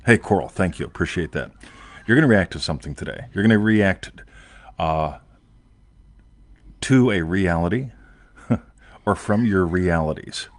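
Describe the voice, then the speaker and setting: A man's voice: low-pitched, animated, measured pace, pauses often, dry recording. Man, host, rambling emphatic casual talk, dry close sound. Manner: rambling, emphatic, repeats "right?", swears casually. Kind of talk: casual chat.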